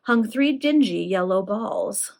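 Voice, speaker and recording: A woman reading the part of an ironic young gentleman who talks in a smooth, quietly mocking way. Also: mid-range voice, lively intonation, slow pace. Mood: polite irony.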